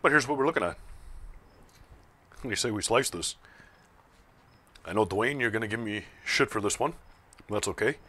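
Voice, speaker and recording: A man's voice: fairly low pitch, moderate pace, long pauses, pushed and bright. A man hosting his own barbecue video, chatting casually while slicing and tasting. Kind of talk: casual cooking vlog narration.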